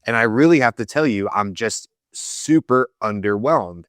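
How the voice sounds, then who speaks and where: A man's voice: fairly low pitch, animated, moderate pace, a bit bright, no room sound, clean studio sound. A man co-hosting a talk show, talking through his views in a rambling, wry, self-correcting way. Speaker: co-host. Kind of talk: casual tech discussion.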